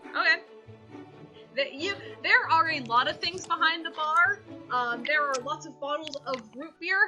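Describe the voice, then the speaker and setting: A woman running a tabletop game as game master, narrating with chaotic energy and quick asides. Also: high voice, pushed and bright, dull audio, faint music behind.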